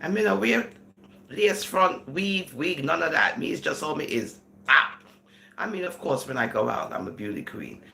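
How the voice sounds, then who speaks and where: A woman's voice: low-pitched, big pitch swings, normal speed, creaky, pushed and bright. A woman vlogger giving casual commentary, giggling between sentences and slipping into Caribbean-style phrasing. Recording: echoey room.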